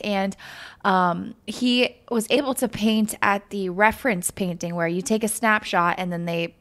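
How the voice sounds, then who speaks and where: A young woman casually commenting on a life-simulation game, chatty and emotional, talking to her characters and viewers. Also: medium pitch. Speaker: gaming video host. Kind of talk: casual let's-play commentary.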